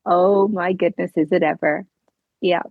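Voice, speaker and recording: A middle-aged woman who tells her story with earnest feeling and plays the voices in her dialogue. Her voice sits a little low and has a husky edge. The sound is dry and close. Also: fairly even intonation, measured pace, no room sound, narrow, tinny audio. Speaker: podcast guest. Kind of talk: conversational interview.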